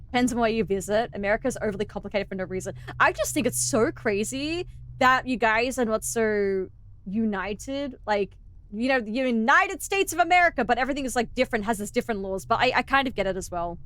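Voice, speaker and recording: A woman's voice: on the high side, brisk, a bit bright. An Australian woman streaming a game, chatting with viewers in a joking way and laughing often. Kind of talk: casual gameplay chat.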